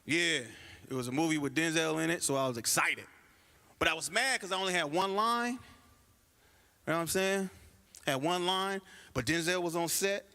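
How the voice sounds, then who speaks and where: A man's voice: on the high side, moderate pace, long pauses. A man doing a stand-up comedy set at a church comedy night, telling stories and acting out the people in them. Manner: animated storytelling, acts out quoted people.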